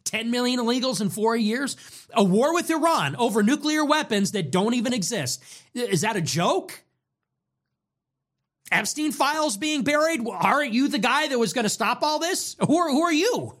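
Young male host, fiery political rant, lots of rhetorical questions, swings his pitch all over. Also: lively intonation, a bit bright. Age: young adult. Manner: ranting, rapid-fire rhetorical questions, profane. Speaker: show host. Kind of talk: political monologue.

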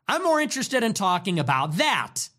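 A talk show host in a heated monologue, talking in an animated, profane and emphatic way and repeating phrases for emphasis. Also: mid-range voice, moderate pace.

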